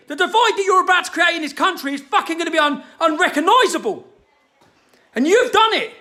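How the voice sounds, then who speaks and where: A man delivering an angry, swearing rant straight to the camera, firing hectoring questions and shouting. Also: very high-pitched, big pitch swings, a little fast. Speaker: activist ranting to camera.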